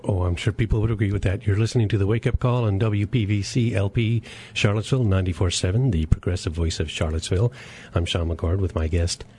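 A man's voice: lowish voice, steady tone, fast, a little mellow, husky. A man in his fifties hosting a radio talk show, chatting casually with his guest and often repeating words as he stammers to get started. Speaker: radio host. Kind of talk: radio interview, casual conversation. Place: radio studio.

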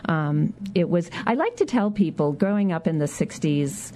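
A woman in her sixties from Michigan with a Midwestern accent, a city council member recalling her youth in a relaxed radio interview, laughing often and talking with many fillers and restarts. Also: low voice, normal speed, a little hiss or hum. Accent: Midwestern American. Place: radio studio.

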